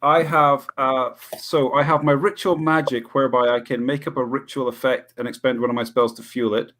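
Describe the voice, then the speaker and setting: A man's voice: mid-range voice, flat delivery, a little fast, fairly bright tone. A man playing a tabletop game over a video call, explaining his moves with hesitant restarts. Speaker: player.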